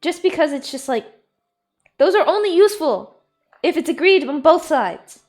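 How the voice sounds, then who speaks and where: A woman whose first language is German, chatting playfully to her stream as she plays. Her voice sits fairly high and swings widely in pitch, loose and animated. She laughs easily between remarks. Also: normal speed, faint music behind. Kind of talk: casual gameplay commentary.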